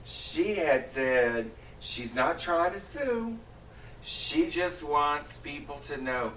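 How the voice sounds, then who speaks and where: A sassy, campy man dishes gossip in a lively, bright voice that swoops up and down. The room is echoey, and he sits a little way from the mic. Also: on the high side, slow, a little hiss or hum. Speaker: co-host. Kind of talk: gossipy casual chat. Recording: roomy room, distant mic.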